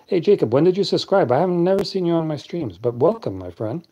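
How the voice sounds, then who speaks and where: A man hosting a late-night live stream, chatting casually and answering viewers' comments in a deep, clear voice. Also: expressive, fairly quick, dark tone, dull audio.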